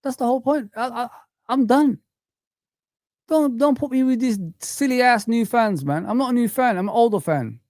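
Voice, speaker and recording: Gravelly, fired-up football streamer. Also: male voice, very high voice, normal speed, darkish tone, dry recording, studio quality. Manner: heated, swaggering street-slang ranting. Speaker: football live-stream host. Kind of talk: casual live-stream chat.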